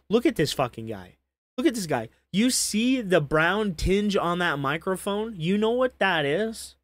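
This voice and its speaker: A man's voice: a little high, no echo. A man hosting a reaction commentary, ranting in a profane, mocking way. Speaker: commentary host.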